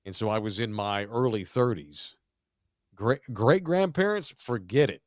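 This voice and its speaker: A man's voice: lowish voice, a little slow, no room sound, studio quality. A man in his forties from Texas, hosting a podcast and telling a family story in casual, profane chat. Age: 40s. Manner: profane, animated storyteller, shouts quoted lines. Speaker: podcast host.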